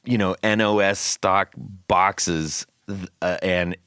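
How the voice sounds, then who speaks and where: A podcast host with a low, deep voice who recounts anecdotes with lively energy and plenty of laughter. The recording is close and dry, with no room sound. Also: male voice, slow, smooth, no room sound. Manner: animated, laughing storyteller. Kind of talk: casual podcast chat.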